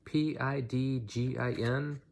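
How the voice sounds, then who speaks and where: A man's voice: mid-range voice, fairly even intonation, takes it slowly, gravelly, a little mellow. A man reading a novel aloud in an unpolished way, with slips and restarts. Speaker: audiobook reader.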